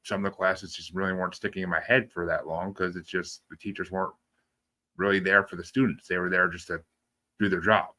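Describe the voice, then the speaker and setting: Low-voiced man, bright and laughing. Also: level tone, fairly quick. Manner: loose, swears casually and laughs often. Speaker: podcast host. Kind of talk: casual interview chat.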